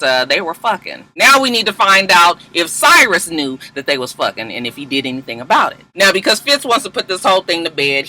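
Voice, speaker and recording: A man's voice: fairly high pitch, bright, forceful tone, poor audio. A man recapping a TV episode in casual commentary, slangy and profane, mimicking the characters as he goes. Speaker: TV recap vlogger.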